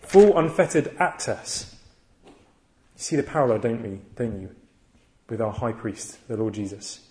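A man delivers a sermon at a middling pitch. He speaks earnestly, tells stories and stacks up emphatic repeated phrases. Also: lively intonation, unhurried, mellow. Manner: earnest, storytelling, emphatic repetitions. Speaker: preacher.

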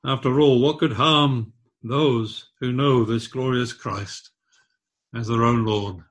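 Male preacher, mid-pitched, slow and emphatic, hammering home repeated lines. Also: fairly even intonation, a bit bright. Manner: slow, emphatic and repetitive, rising in pitch and force on key phrases. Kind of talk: sermon.

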